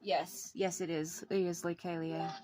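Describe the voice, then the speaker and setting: A woman's voice: lowish voice, flat delivery, a little slow, darkish tone, no echo. A woman giving casual, chatty commentary while playing a video game, swearing freely and laughing easily. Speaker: let's play host. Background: game music.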